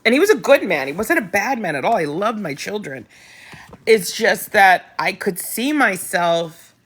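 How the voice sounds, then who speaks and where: Low-voiced blunt woman host. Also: fairly bright tone. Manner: candid, blunt, swears, many restarts. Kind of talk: casual live chat.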